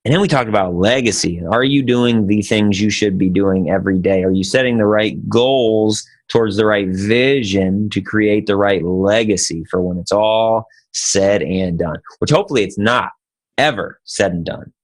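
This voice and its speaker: A man hosting a podcast with his buddy, his voice sitting low. He talks casually and tells a joke in a loose, laid-back way. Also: moderate pace. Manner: joking, laid-back storyteller. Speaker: podcast co-host.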